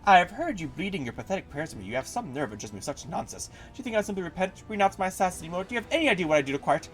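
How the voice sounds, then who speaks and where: Man playing a haughty female demon goddess, imperious, mocking, lively pitch, bright tone. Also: rapid-fire, faint music behind. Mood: scornful. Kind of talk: reading game dialogue aloud.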